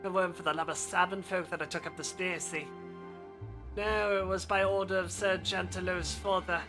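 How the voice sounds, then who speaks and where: Woman voicing a blunt low-born soldier. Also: steady tone, moderate pace, over music, natural voice. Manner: rough folksy speech, plain-spoken. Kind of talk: reading game dialogue aloud in voices.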